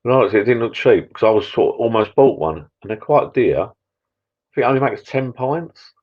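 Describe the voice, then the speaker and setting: A man's voice: medium pitch, expressive, brisk. A man hosting a live stream from his backyard pub shed, chatting and grumbling in a rambling, self-interrupting way. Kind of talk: casual chat with viewers. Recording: dull lo-fi live stream audio.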